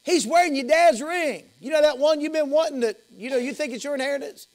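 A man voicing an excited young male servant, stammering and gushing with news in a sermon story. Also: high voice, moderate pace.

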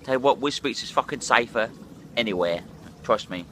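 A man's voice: medium pitch, expressive, moderate pace, very noisy. A hungover man, ranting and swearing bluntly in a rambling vlog monologue while drinking. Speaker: drinking vlogger.

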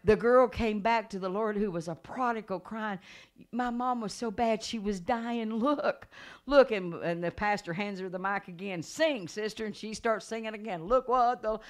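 A middle-aged woman evangelist preaching a revival sermon, telling stories with acted-out voices and rising to a loud preaching cadence. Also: mid-range voice, normal speed. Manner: animated storytelling, acts out voices and gasps.

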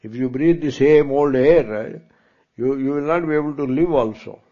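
A man's voice: medium pitch, moderate pace, dark tone. A man with an Indian English accent, a spiritual teacher giving a conversational discourse that is full of rhetorical questions. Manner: conversational lecturing with rhetorical asks and Hindi asides. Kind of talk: Vedanta discourse. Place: lecture hall in front of students. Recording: dull lo-fi lecture recording.

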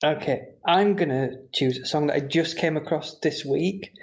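A man's voice: a little high, normal speed, gravelly. A middle-aged man hosting a podcast, chatting casually in a self-deprecating way. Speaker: podcast host. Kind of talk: casual chat.

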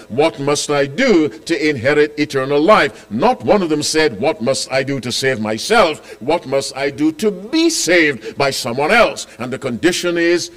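A man preaching a sermon as pastor, quizzing the congregation and repeating key lines, with loud emphatic declarations and quiet asides. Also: fairly high pitch.

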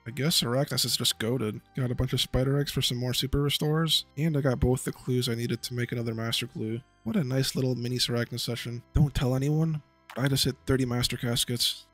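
A young man doing a casual voice-over commentary on his game progress, excitable and swearing when hyped. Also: mid-range voice, quick pace, hardly any pauses, faint music behind. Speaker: gaming video creator.

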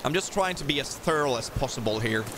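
A man hosting a let's play, chatting playfully with excitable exclamations as he explores. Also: mid-range voice, fast talker, background noise. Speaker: gaming video host.

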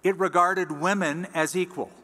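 A man preaching a sermon as pastor, teaching in a conversational way and reading scripture aloud slowly. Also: high-pitched, steady tone, pushed and bright, big-room sound. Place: church sanctuary.

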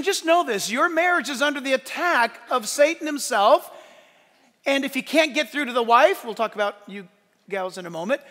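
A male pastor preaching a sermon in a church, swinging between loud emphatic lines and hushed asides. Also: extremely high pitch. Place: church sanctuary. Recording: long church hall reverb.

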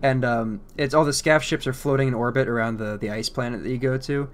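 A man's voice: medium pitch, steady tone, a little fast, a little hiss or hum. A man casually commentating a video game, joking, swearing and laughing often. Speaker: let's play commentator.

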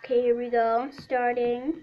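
Sex: woman. Pitch: high. Style: chatty reaction commentary. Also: flat delivery, moderate pace, background noise. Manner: chatty, apologetic asides to viewers. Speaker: reaction video host. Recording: dull lo-fi home recording with film music behind. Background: film soundtrack music faintly audible.

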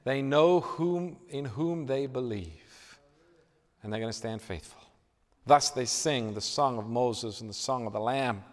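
A man preaching a sermon in a church, dramatic, swinging from loud emphasis to hushed tones. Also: mid-range voice, measured pace. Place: church hall. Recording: reverberant church hall.

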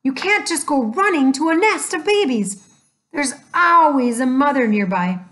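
A woman's voice: high voice, expressive, moderate pace, fairly bright tone, pitched above the performer's own voice. A woman doing a worried, bookish young boy. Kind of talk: storybook reading.

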